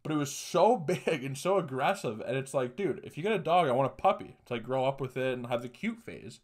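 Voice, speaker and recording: A man's voice: medium pitch, lively intonation, brisk. Profane rambling young man telling stories. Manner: profane, rambling, laughs through sad stories. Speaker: podcast host. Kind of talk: casual storytelling monologue.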